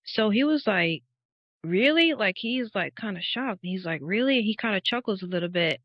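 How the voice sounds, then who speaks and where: A woman's voice: medium pitch, moderate pace, no echo. Woman in her thirties telling her testimony. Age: 30s. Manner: lively storyteller who acts out quoted dialogue and laughs often. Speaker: podcast guest. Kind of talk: faith testimony storytelling. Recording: dull, dry podcast audio.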